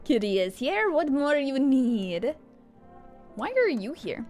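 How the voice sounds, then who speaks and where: A woman's voice: sits high, big pitch swings, takes it slowly, a little mellow, faint music behind, voice pushed up, exaggerated voice. A woman voicing an odd visitor in a game, clipped and blunt, dropping small words.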